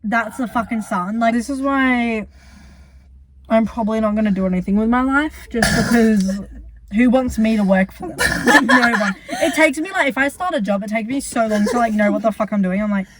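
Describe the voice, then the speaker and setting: A young woman with a somewhat high voice co-hosts a casual chat. She tells long, rambling stories at her own expense. She swears casually as she goes. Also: animated, fairly quick, noisy background. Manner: rambling, self-deprecating storytelling, swears. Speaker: co-host.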